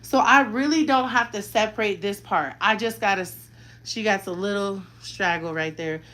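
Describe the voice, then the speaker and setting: A woman's voice: mid-range voice, normal speed, fairly bright tone, rough recording. A woman in her thirties, a mother chatting frankly in a slangy, talkative way while she does her daughter's hair. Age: 30s. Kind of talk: casual chat while styling hair.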